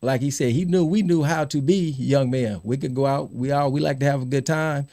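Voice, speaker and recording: A middle-aged man hosting a podcast, telling lively stories about his college team, laughing and repeating himself as he goes. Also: mid-range voice, fairly quick, dry recording, clean studio sound. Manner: animated storyteller, laughs and repeats words. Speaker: podcast host. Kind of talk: casual storytelling chat.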